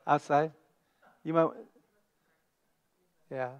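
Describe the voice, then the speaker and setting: Preaching man, slightly high voice. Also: fairly even intonation, drawn-out words, highs cut off. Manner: emphatic, swelling on key words and dropping to a hush at phrase ends. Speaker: pastor. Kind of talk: sermon. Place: church sanctuary.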